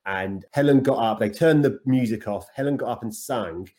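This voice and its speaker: A man from England, a podcast co-host telling a story in a deliberate, casual way. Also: mid-range voice, a little mellow. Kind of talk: casual chat.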